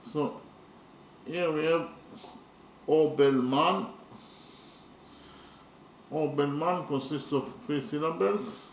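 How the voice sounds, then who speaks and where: A man teaching poetry in a slow, methodical lecture, counting syllables carefully and pausing often with fillers. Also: on the high side, fairly even intonation, vocal fry, reverberant, a little hiss or hum, rough recording.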